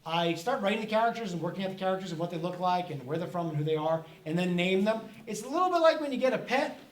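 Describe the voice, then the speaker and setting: A man, a comics author, chatting with an audience at a library event and answering their questions, animated and quick to act out voices in his stories. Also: high voice. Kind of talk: casual public talk.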